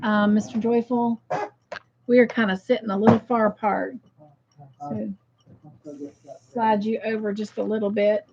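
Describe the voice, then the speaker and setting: Slow-talking woman hosting a livestream. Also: medium pitch, level tone, vocal fry, a little mellow, dull audio, slight background noise. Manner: chatty, greets viewers by name and reads their comments aloud. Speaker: craft livestream host. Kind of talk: casual livestream chat.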